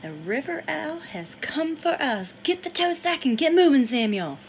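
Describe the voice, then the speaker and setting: A woman voicing an excitable runaway man who hollers and hoots in dialect. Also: sits high, normal speed, slight background noise, pitched above the performer's own voice. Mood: eager hushed. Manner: loud, hollering, dialect speech.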